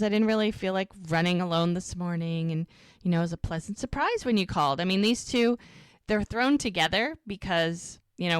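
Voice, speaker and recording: A woman co-hosting a TV rewatch podcast, retelling scenes in a lively, chatty way and acting out the characters' lines. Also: lowish voice, smooth, dry recording. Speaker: podcast co-host. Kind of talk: casual rewatch podcast recap.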